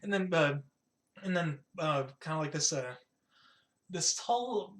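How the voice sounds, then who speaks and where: A man narrates a tabletop game as game master, in a voice a little higher than usual. He rambles loosely and leans on lots of fillers as he describes the scene. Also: lively intonation, takes it slowly, fairly bright tone.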